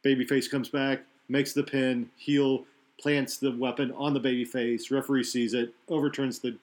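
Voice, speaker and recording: Casual talk-show man, middling pitch, loose and rambling, lots of restarts. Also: flat delivery, normal speed. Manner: rambling, self-correcting analysis. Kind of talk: casual wrestling chat.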